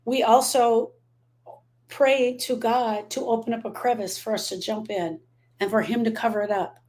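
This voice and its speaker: A fairly high-voiced middle-aged woman talks straight to her live-stream viewers as a grief coach. She is emphatic and says her main points twice over, and she stops to answer comments as they come in. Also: a little mellow.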